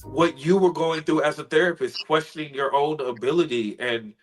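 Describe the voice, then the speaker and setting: A man who is a spoken word artist, a guest in an interview, telling a personal story in an earnest, heartfelt way that grows quiet when he is moved. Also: a little high, moderate pace, faint music behind, low-quality recording.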